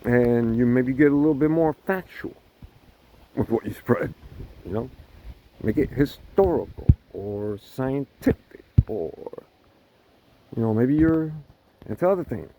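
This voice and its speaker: A man's voice: medium pitch, measured pace, pauses often, slight background noise. A man ranting casually to camera, swearing constantly and laughing between lines. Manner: profane, laughing often, animated. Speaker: vlogger.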